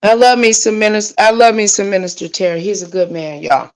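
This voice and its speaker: A woman's voice: mid-range voice, fairly even intonation, fairly quick, poor audio. A woman hosting a casual livestream, talking straight to her viewers in a frustrated, rambling way. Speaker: livestream host.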